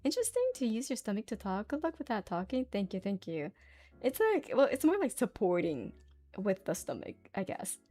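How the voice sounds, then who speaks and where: A woman's voice: mid-range voice, big pitch swings, brisk, mellow, faint music behind. A woman streamer chatting casually with her viewers, giggly and full of fillers.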